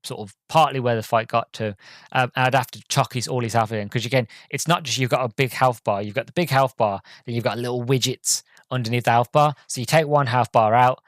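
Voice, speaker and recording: A man's voice: mid-range voice, fairly quick, dry recording. Man rambling through a game review. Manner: rambling, frequent ums and restarts. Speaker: podcast host. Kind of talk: casual solo game review.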